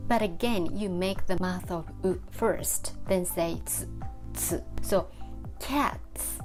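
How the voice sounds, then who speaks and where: A woman teaching Japanese pronunciation, slowly repeating syllables and explaining mouth shapes. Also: lowish voice, fairly even intonation, darkish tone. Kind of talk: slow instructional demonstration. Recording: with background music.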